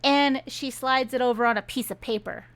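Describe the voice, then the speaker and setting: A woman's voice: high-pitched, steady tone, moderate pace, a bit bright. A woman ranting casually in a book review, sarcastic and chatty.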